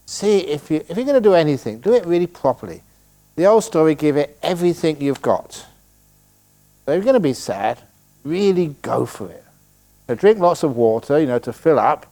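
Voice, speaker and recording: An older man, a meditation teacher answering retreat questions in a joking, storytelling way, with a middle-pitched voice. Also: mellow. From England. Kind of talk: humorous Q&A talk at a retreat. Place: meditation hall.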